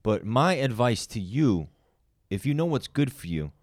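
A man playing a rough mob debt collector. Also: medium pitch, sing-song, measured pace, dry recording, clean studio sound. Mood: menacing. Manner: hesitant, rough, Italian-American tough-guy talk. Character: male mob debt collector, calm then threatening.

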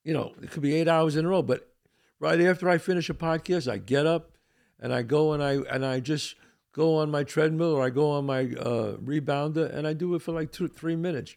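A man's voice: fairly high pitch, gravelly, darkish tone. An older man hosting a podcast, talking casually and earnestly, repeating his points with blunt emphasis and a little swearing. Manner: blunt, mildly profane. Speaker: podcast host. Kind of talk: casual monologue.

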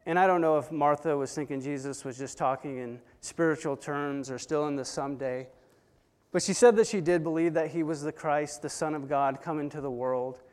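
A man preaching a sermon, retelling a story with dramatic swings between hushed and loud delivery. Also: fairly high pitch, normal speed, smooth. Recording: long hall reverb.

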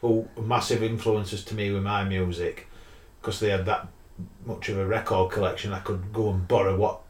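A man's voice: lowish voice, level tone, normal speed, a little mellow. Man, chatty and stumbling. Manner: chatty, stumbles and repeats words. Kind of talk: casual chat about gigs. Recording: roomy, far from mic.

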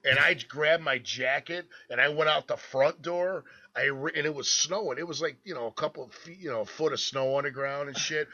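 A man's voice: fairly high pitch, fairly quick, hardly any pauses, sharp tone. A man co-hosting a podcast, telling a story in a rambling, casual way, swearing freely and laughing as he goes. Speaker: podcast co-host. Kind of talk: casual storytelling among friends. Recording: dull lo-fi podcast audio.

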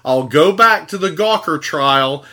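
A man's voice: on the high side, expressive, unhurried, pushed and bright. A man co-hosting a casual podcast, wry and wordy, addressing the listeners directly. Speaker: podcast co-host.

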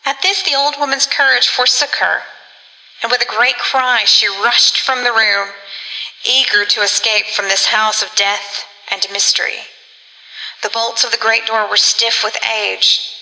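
A woman narrating a gothic story in a measured, dramatic reading. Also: fairly high pitch, fairly even intonation, gravelly, bright, forceful tone, in a large hall, low-quality recording. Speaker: audiobook narrator.

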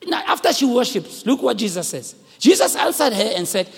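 A man with a South African accent preaching a sermon to a congregation, animated, shouting at the peaks and joking with the crowd. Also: high voice, a little fast, vocal fry, hardly any pauses, breathy edge. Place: church hall with congregation. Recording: long echoing hall reverb.

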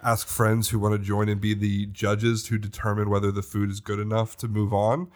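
A man's voice: lowish voice, monotone, normal speed, darkish tone. A man co-hosting a podcast in casual chat, rambling and chatty with many fillers and restarts. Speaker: podcast co-host.

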